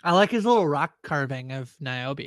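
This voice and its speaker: Relaxed, amused man on a podcast. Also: on the high side, moderate pace, no room sound. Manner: relaxed, amused, laughs at his own retellings. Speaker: podcast co-host. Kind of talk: casual recap chat.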